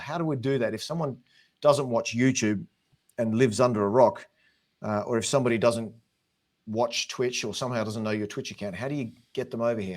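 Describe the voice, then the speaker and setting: Earnest Australian man giving advice. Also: lowish voice. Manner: earnest, talks in long encouraging runs. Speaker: guest drummer. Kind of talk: casual advice-giving chat.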